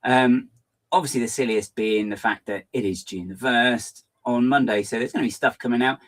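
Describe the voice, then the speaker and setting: With a mid-range voice, the man running this live stream chats rapidly and excitedly, wandering from topic to topic while reading viewers' comments.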